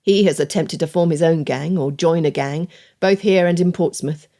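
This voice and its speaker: A woman narrator voicing a gruff, commanding male smuggler ship captain in an audiobook. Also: deep voice, normal speed, dark tone. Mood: scornful. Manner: curt, commanding.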